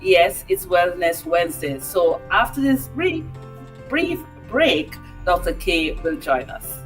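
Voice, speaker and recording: A woman co-hosting a morning web radio health show, greeting listeners in an upbeat, lively way. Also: lowish voice, slow, loud music behind the voice.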